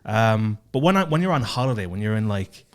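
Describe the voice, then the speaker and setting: A man's voice: fairly low pitch, big pitch swings, a little fast. An Irish man co-hosting a podcast in a studio, sardonic and full of swearing in casual chat. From Ireland. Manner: sardonic, profane, self-mocking. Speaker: podcast co-host.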